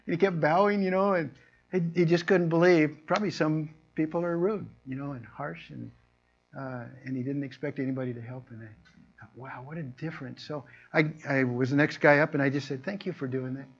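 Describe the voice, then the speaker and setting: A man preaching a conversational sermon, telling everyday stories and acting out people's lines in a raised, animated voice. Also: on the high side, a little fast. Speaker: pastor. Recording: muffled lo-fi recording.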